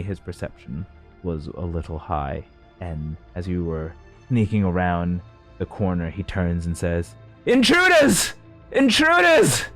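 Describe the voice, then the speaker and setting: A man narrating a tabletop game as game master, describing scenes haltingly with many restarts. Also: deep voice, a little mellow.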